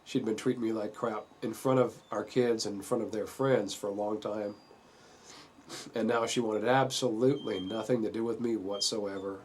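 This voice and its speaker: A man earnestly telling a painful family story in a halting way, full of fillers. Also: fairly low pitch, fairly even intonation, a little mellow, a little hiss or hum. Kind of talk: personal testimony.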